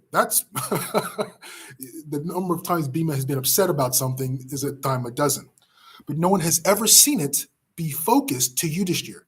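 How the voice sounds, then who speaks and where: A man teaching a class by retelling an epic story in a dramatic, emphatic way with pauses. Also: on the high side, husky. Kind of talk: storytelling lesson.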